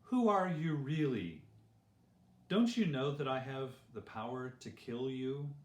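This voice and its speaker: A man's voice: mid-range voice, animated, unhurried, lightly acted. A man voicing an anxious, powerful Roman governor in a children's story, asking questions uneasily. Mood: uneasy. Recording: roomy echo.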